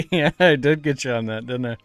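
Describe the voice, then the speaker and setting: A man's voice: on the high side, moderate pace, dry recording, soft background music. A male streamer chatting casually with his live chat, playfully quizzing viewers on how they pronounce words. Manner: playful, teasing questions about pronunciation.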